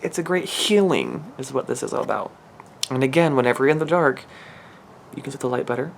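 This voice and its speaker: A man's voice: medium pitch, a little fast, creaky, slight background noise. A man giving a channeled spiritual reading in an emotional, earnest way, rambling and restarting his sentences. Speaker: spiritual reader.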